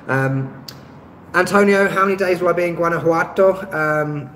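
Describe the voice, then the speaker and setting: A man's voice: fairly high pitch, measured pace. West London man chatting on a live stream. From West London, England. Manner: relaxed, many ums, chuckles at himself. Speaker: YouTube travel channel host. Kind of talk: live stream chat, reading comments. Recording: echoey room, faint traffic noise.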